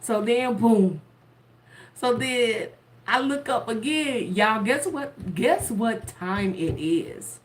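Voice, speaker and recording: Woman, slow delivery, casual storytelling, frequent laughter. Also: a little high. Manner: animated, laughing often, chatty and playful. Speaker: tarot content creator.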